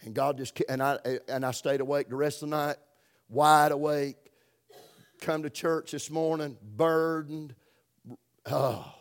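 A middle-aged man with a Southern US accent, preaching a folksy, emphatic sermon that swings between loud stresses and soft, drawn-out words. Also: on the high side, steady tone. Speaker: pastor.

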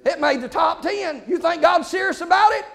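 High-pitched, gravelly preacher man. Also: lively intonation, some chatter behind. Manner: shouting, rapid-fire with frequent amens. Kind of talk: fiery Pentecostal-style sermon.

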